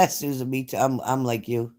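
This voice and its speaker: Here a New Jersey man hosts a laid-back livestream, reading and replying to what his viewers write. His mid-range voice is warm and moves at a normal speed.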